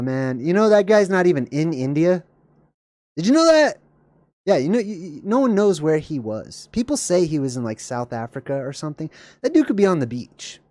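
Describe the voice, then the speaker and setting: A livestream host giving rambling, digressive reaction commentary, laughing often and jumping suddenly up in pitch. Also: mellow, dry recording.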